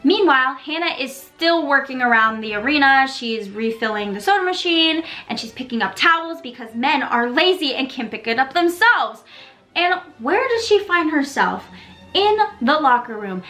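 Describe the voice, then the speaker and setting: A woman's voice: a little high, pushed and bright. A woman in her twenties recapping a TV episode in a playful, gossipy way, with sassy asides. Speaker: video creator recapping a TV episode. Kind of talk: casual recap commentary.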